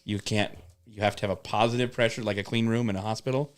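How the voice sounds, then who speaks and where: A man's voice: on the low side, fairly even intonation, fast talker. A man telling rambling work stories in casual chat, swearing often and acting out coworkers. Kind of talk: casual storytelling with profanity.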